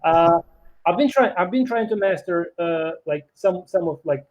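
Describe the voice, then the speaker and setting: A man from Ukraine speaking English in a casual chat, halting with many restarts and fillers. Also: high voice, lively intonation, highs cut off. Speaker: programmer and YouTuber. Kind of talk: casual conversation.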